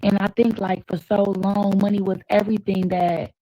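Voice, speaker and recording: A woman's voice: mid-range voice, flat delivery, normal speed, no echo, muffled recording. A single mother talking earnestly about wanting love, in a confessional vlog.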